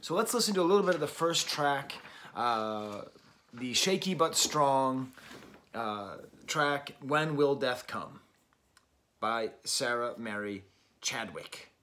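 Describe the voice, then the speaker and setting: A man's voice: mid-range voice, animated, slow, fairly bright tone. A man hosting a casual spoken album review, chatty and musing, often stopping to correct himself.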